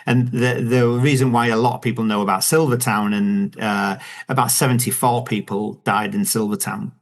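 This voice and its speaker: A man's voice: on the low side, steady tone, normal speed. A man with a Yorkshire accent, an author talking casually as a podcast guest, rambling with many restarts and fillers. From Northern England. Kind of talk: conversational interview.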